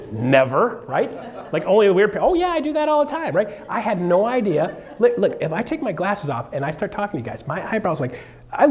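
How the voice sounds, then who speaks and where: A man coaching a live seminar audience in an animated, jokey way, acting out quotes in a raised voice. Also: sits high. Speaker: real estate coach. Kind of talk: energetic seminar talk.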